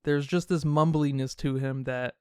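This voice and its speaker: A man co-hosting a podcast, talking casually about a film in quick, animated bursts. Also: on the high side, clean tone, dry recording, clean studio sound. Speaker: podcast co-host.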